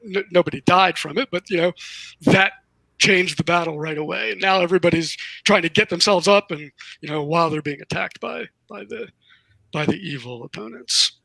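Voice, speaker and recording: A man, a game master, telling a casual anecdote on a panel over a video call, relaxed and amused. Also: sits high, moderate pace, vocal fry, dry recording, low-quality recording.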